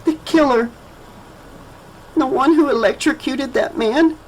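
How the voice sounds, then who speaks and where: A man's voice: extremely high pitch, measured pace, slight background noise, voice pushed up, rough recording. A man voicing a scared little girl. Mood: small, frightened. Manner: small, soft and shaky. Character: frightened little girl, young and tearful. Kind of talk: audiobook character voice.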